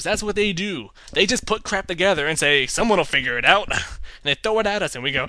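A man in a casual opinion vlog, reviewing films with animated, exasperated ranting and putting on voices for others. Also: sits high, fairly quick, no room sound. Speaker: film reviewer.

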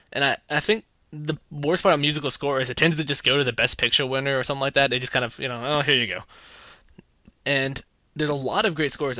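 A man's voice: medium pitch, bright, forceful tone, no echo. A young man giving a casual, chatty movie review with sarcastic asides.

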